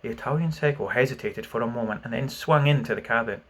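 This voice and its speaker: Expressive male audiobook narrator. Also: mid-range voice, quick pace. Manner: expressive storytelling, drops quiet for narration. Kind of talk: audiobook reading.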